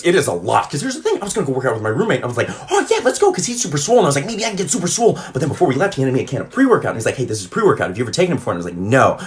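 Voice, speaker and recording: Young man, 20s, comedic monologue, very fast, wildly swooping pitch, hyper. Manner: hyper, rapid-fire, bursts into silly voices. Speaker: youth pastor.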